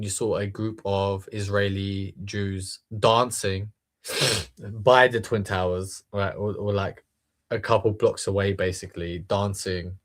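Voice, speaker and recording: A man's voice: fairly low pitch, fairly bright tone. A man in casual podcast chat, emphatic and profane, constantly checking in with the listener.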